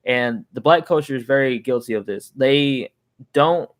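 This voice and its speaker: A man's voice: medium pitch, moderate pace. A young man venting in a casual, rambling monologue, heated and swearing freely, often restarting his sentences. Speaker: vlogger.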